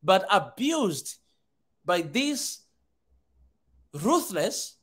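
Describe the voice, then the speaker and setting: A man in his thirties giving an impassioned, preaching speech as host, rising to shouts. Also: high-pitched, sing-song, drawn-out words, husky. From Africa. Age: 30s.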